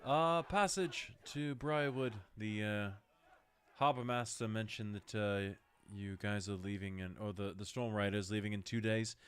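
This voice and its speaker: A man's voice: lowish voice, little pitch movement, moderate pace, clear, resonant tone. A man playing a tabletop role-play game, speaking politely and with measure. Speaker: player.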